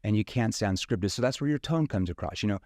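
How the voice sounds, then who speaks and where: A man's voice: lowish voice, lively intonation, fast, darkish tone, no echo, studio quality. A man from rural Missouri, a sales trainer talking casually in an interview and acting out questions in different tones.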